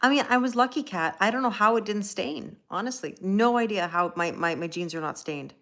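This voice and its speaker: A woman's voice: mid-range voice, a little fast, a bit bright. A woman hosting a casual live stream. She rambles through a story, laughs at herself, and greets chat viewers by name as she goes. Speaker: livestream host and tarot reader; schoolteacher.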